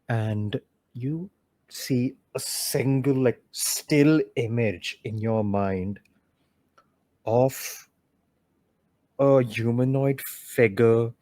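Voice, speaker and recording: Male dungeon master, slow and casual, dry close sound. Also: mid-range voice, a little mellow, no echo. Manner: casual, loose, many filler words. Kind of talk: narrating a tabletop game.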